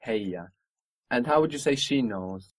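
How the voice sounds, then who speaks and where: In a spoken language lesson, a man patiently models pronunciation and encourages his student. His mid-range voice is animated and moves at a measured pace, with no room sound in the recording.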